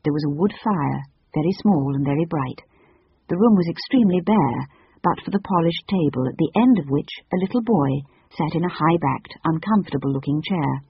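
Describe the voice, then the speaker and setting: Husky storybook narrator, dull recording. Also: medium pitch, dry recording. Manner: even, measured reading.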